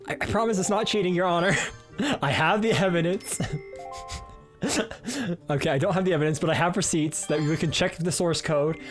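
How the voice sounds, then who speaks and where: A man's voice: fairly high pitch, normal speed, pauses often, soft background music. A man streaming a video game live, talking playfully and jokingly, often stammering and repeating words. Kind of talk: live gameplay commentary.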